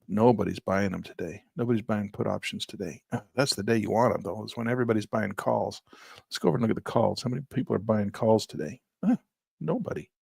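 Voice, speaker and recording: A hoarse man who keeps clearing his throat, thinking aloud as a trading instructor while he walks through placing trades in a live session. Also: lowish voice, quick pace, darkish tone, no echo, clean studio sound.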